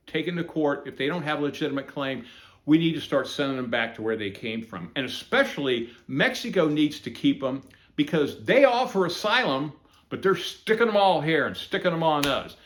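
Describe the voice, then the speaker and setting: A man's voice: mid-range voice, a bit bright. A man from the United States giving an emphatic, indignant opinion monologue as host of his own channel.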